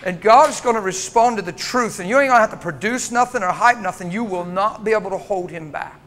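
An American man preaching a sermon in a church, impassioned, swinging from loud urging to hushed tones. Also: high voice, fast. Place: church sanctuary.

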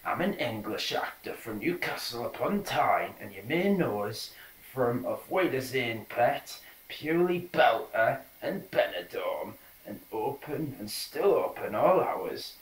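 A man's voice: mid-range voice, sing-song, a little slow. A man doing a rambling Geordie caretaker. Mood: chatty. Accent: put-on Geordie. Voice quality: broad dialect, rambling, cheeky. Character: chatty middle-aged Geordie man, cartoon school caretaker. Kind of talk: comic impression monologue. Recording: roomy echo, mic at a distance.

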